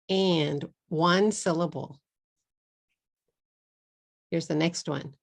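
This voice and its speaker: A middle-aged woman from Texas with a Texan accent, teaching an English pronunciation lesson slowly and deliberately, repeating words for learners. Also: lowish voice, creaky, a little mellow.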